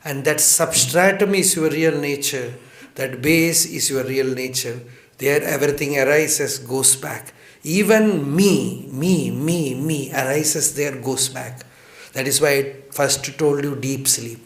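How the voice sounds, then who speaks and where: A man from India giving a spiritual discourse, gentle and chuckling often, repeating words for emphasis. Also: mid-range voice, slow, echoey room. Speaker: spiritual teacher.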